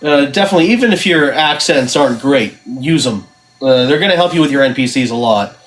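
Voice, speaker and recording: A man's voice: mid-range voice, expressive, a little fast, a bit bright. A man co-hosting a podcast about running tabletop games, chatting in an encouraging way and saying "you know" a lot. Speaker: podcast co-host, game master. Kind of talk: casual podcast chat.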